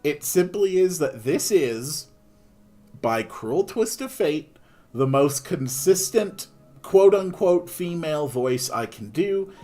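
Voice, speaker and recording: A man's voice: a little high, animated, slow, warm tone, faint music behind. A man giving wry, self-deprecating commentary while playing through a story game. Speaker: streamer. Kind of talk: gaming playthrough commentary.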